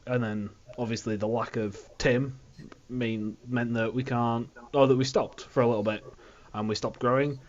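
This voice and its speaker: A man's voice: mid-range voice, fairly even intonation, normal speed, highs cut off, slight background noise. A man being interviewed as a guest on a casual livestream, easygoing and laughing along. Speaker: guest, YouTuber.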